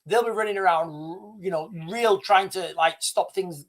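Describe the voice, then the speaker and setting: A man's voice: high voice, a little slow, few pauses. A man holds forth on his live stream in a loose, rambling way. He circles back on his words, restarts sentences and lets slip a chuckle at himself. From Britain. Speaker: livestream host. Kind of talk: casual live-stream monologue.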